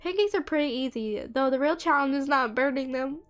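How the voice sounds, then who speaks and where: A woman's voice: high-pitched, fairly quick, faint music behind, natural voice. A woman voicing a cheerful, chatty young woman who has just woken up, in a game playthrough. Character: cheerful sleepy young woman, friendly cousin.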